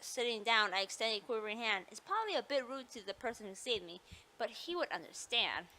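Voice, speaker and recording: A woman's voice: a little high, animated, fairly quick, sharp tone. A woman playing a visual novel, reading the story aloud and breaking off with apologetic, joking asides. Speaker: video game player.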